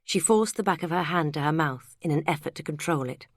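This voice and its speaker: A woman narrating a novel as an audiobook in an even, measured storytelling manner. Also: sits low, no room sound, clean studio sound. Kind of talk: scripted narration.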